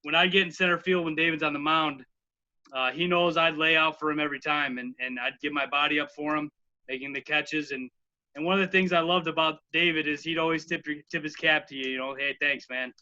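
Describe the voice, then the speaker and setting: A man's voice: on the high side, steady tone, brisk, pushed and bright. A man from the Chicago area, a former college outfielder, co-hosting a casual podcast chat in an earnest, grateful way. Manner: earnest, grateful, rattles off names. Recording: dull lo-fi audio.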